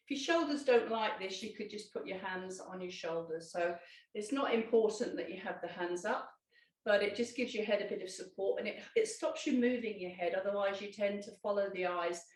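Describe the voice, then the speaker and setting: Woman instructor, soft and calm, recorded off-mic in a room with some echo. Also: medium pitch, recorded from a distance. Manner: calm, gentle guiding with fillers and self-corrections. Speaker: Pilates instructor. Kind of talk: guided exercise instruction.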